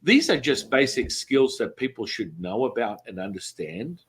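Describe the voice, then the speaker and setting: A man's voice: mid-range voice, normal speed, slightly rough. A man guest telling street hypnosis stories in a casual chat, acting out quotes in other voices. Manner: animated, acts out quotes in many voices.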